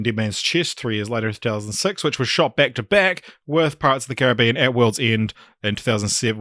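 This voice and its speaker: A man's voice: on the low side, a bit bright, dry recording, clean studio sound. A man co-hosting a podcast in casual chat, rambling and laughing as he goes. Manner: chatty, laughs often, rambling. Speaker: podcast co-host.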